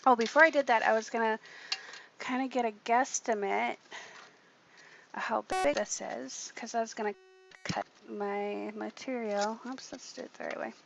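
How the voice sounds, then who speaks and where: A woman's voice: a little high, normal speed, vocal fry. A woman hosting a casual craft tutorial, chatty and thinking aloud as she works at her desk. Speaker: craft channel host. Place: home craft room at a desk. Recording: muffled, lo-fi audio with background noise.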